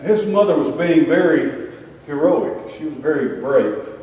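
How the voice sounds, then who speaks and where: An older man preaches in a folksy, joking storytelling way, his voice a bit high but dark and mellow. He sounds distant from the mic, with a long, booming echo of a big hall around him. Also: lively intonation, a little slow. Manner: storytelling with humorous asides. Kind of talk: folksy sermon with slides.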